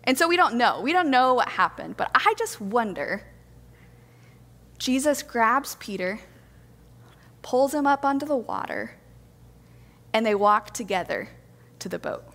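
A woman preaching a sermon to a congregation, gentle, earnest and reflective. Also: fairly high pitch, very animated, a little slow, pauses often, long reverb tail.

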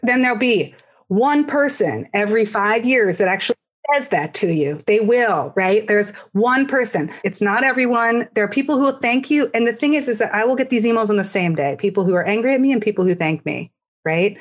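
Podcast guest, woman, mid-pitch, animated and frank storyteller; casual interview read. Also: fairly quick. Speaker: guest, startup founder.

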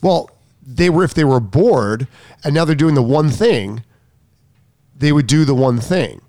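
A coach in a casual discussion, a man who interjects quickly and thinks out loud. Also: on the high side, animated, no echo, studio quality.

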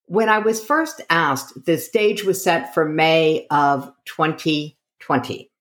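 A middle-aged American woman, a coach appearing as an interview guest, speaks slowly in a deep voice. She tells her story with energy and acts out the dialogue she quotes.

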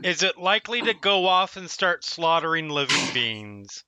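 Man, tabletop player, methodical, smooth, dry sound. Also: on the high side, big pitch swings, moderate pace, sharp tone, no room sound. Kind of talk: casual tabletop play.

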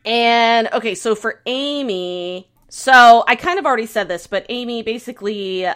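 A woman co-hosting a podcast, chatting casually as she retells a drama's plot in a rambling, animated way. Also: a little high, normal speed, smooth. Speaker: podcast co-host. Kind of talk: casual chat, recapping a drama.

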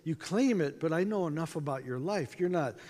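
A man's voice: a little high, animated, brisk, a little mellow, close to an everyday voice. A man acting out a blunt young man who challenges a friend directly, with reverb from a conference hall. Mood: confronting.

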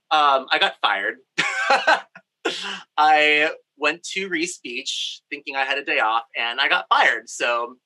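A young Brazilian man tells a personal story from his home craft studio in a campy, candid, playful way. His mid-range voice is bright and forceful, and the audio is poor.

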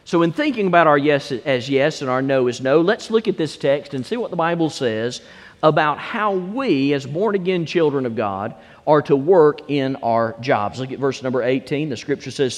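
A pastor delivers a sermon in a high, carrying voice. He stretches important words out slowly for emphasis. His voice rings through a large space with a long reverb tail. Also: animated. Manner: preaching with dramatic slow emphasis.

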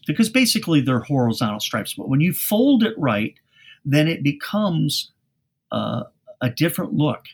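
A man's voice: on the high side, husky. A man speaking as a guest expert on a cleaning podcast, telling anecdotes in a folksy way with frequent restarts. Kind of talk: podcast interview storytelling.

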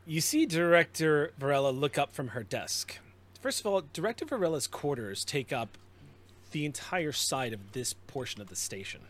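A man's voice: fairly high pitch, big pitch swings. Man narrating as game master. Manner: descriptive, unhurried, with small restarts.

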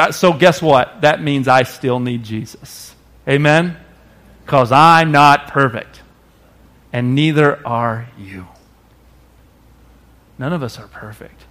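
A man preaching a sermon as pastor, expressive, now and then acting out voices. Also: on the high side. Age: adult parent. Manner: expressive preacher, acts out quoted voices loudly.

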